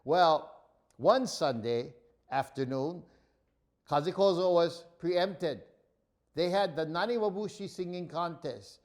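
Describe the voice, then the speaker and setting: A man with a Hawaiian accent telling comic childhood stories, with animated, pidgin-flavored phrasing. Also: on the high side, slow. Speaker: comedian. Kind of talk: comic storytelling.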